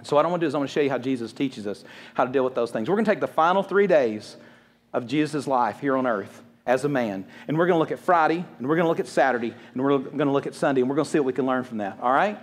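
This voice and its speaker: A man's voice: mid-range voice, lively intonation. A man preaching a sermon as a pastor, casual and conversational, joking and acting out what people say. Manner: fast, conversational preaching with quick jokes and acted-out quotes.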